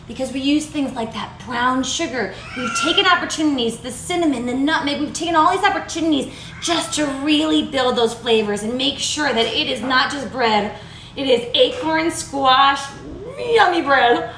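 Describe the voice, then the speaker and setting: A woman hosting a live cooking demonstration in a kitchen, chatty, bubbly and easily excited. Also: sits high, moderate pace, echoey room, a little hiss or hum. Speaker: cooking show host.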